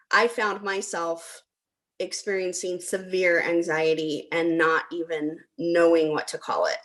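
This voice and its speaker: A middle-aged woman hosting a talk tells a personal story in a chatty way, saying "um" frequently. Her voice is medium-pitched and a bit bright.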